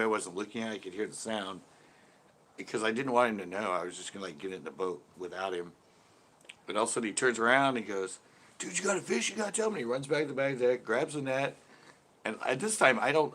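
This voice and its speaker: A man hosting a casual livestream chat, telling a fishing story and reading viewers' questions. He laughs often and gets lively when he quotes other people. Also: lowish voice, fast. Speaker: livestream host.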